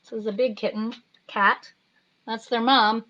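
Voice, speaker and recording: A woman reads picture books to children at home, chatting gently and filling pauses with ums. Her voice is bright and clear-edged, and she takes her time. The recording sounds dull and lo-fi. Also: fairly high pitch, fairly even intonation.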